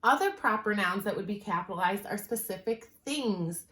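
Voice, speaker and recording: A woman teacher giving a writing lesson, explaining clearly and patiently and slowing down to stress her examples. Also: mid-range voice, expressive, a bit bright. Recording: echoey room.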